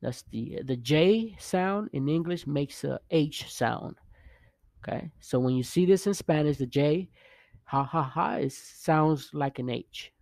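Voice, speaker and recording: A man gives a relaxed video language lesson at an unhurried pace, his voice carrying a noticeable gravelly fry. He patiently repeats each sound and keeps checking in with "okay?". The recording is close and dry, with little room sound. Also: fairly high pitch, no room sound. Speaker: language teacher. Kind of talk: casual vlog-style lesson.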